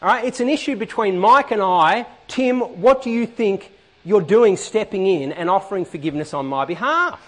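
In a church hall, a man delivers a sermon with real animation, frequently putting questions to the congregation. His voice is high-pitched and his pace is ordinary.

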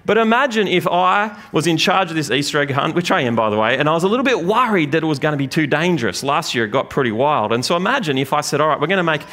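A man preaching a sermon in a church, lively and joking with the congregation. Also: a little high, quick pace, few pauses. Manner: lively, animated preaching with jokes. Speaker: pastor. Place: church gathering room.

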